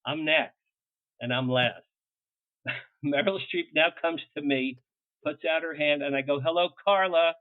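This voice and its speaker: An older man, a publicist guest, telling anecdotes in an interview with lively energy, laughing as he tells them and acting out what people said. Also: on the high side, measured pace, pauses often, no room sound. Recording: tinny phone-like line, dry.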